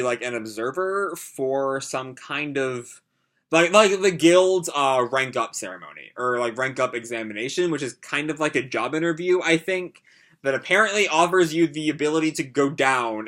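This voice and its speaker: A man's voice: on the high side, pushed and bright. A man giving a casual, rambling anime review, full of swearing and "like" and "um". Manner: rambling, profane, lots of likes and ums.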